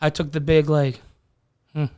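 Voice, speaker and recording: Smooth-voiced swearing podcast guy. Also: fairly high pitch, normal speed, no room sound, studio quality. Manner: profane, animated storytelling. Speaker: podcast co-host. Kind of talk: casual chat.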